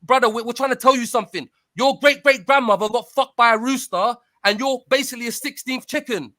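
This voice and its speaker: Brit guy with a really high sharp voice, just keeps repeating the same insult over and over. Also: brisk, no room sound, clean studio sound. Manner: relentless, repetitive insults, talks over others. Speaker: panelist in a livestream roast. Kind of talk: heated trash talk.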